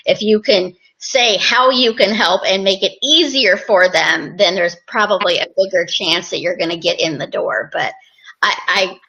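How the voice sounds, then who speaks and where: A woman hosts a podcast and makes her case in an encouraging, conversational way, pausing on fillers as she goes. Her voice is bright and forward. The recording has a dull, lo-fi tone. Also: mid-range voice. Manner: encouraging, explanatory, with fillers and restarts. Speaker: podcast host.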